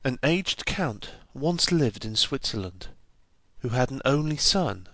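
A man reading an old fairy tale aloud in a measured storybook manner, giving the characters' lines a light touch of voice. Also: mid-range voice, fairly bright tone, dry recording. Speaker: narrator.

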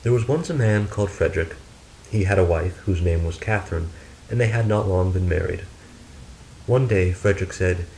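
A man narrating a fairy tale in a steady, measured storybook reading. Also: deep voice, creaky, slight background noise, poor audio.

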